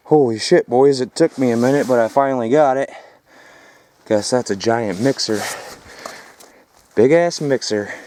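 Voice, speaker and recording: A man filming a casual vlog outdoors at a rural property. He talks straight to his viewers in a rough, profane way. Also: mid-range voice, a little mellow, slight background noise. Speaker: scrap metal vlogger.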